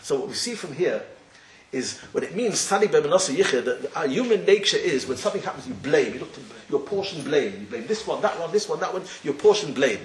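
A rabbi with a fairly high voice tells a Torah story full of words, speaking in quick, very animated bursts. He rambles, repeats himself, and acts out the characters' lines, in an echoey room with a faint hiss behind him.

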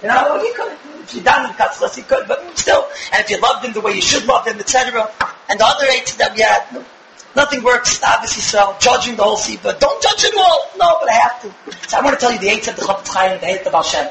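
A young man giving an animated religious lecture to a live audience, firing rhetorical questions with bursts of shouting. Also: sits high, quick pace, creaky, reverberant, noisy background. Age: young adult. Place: room with an audience.

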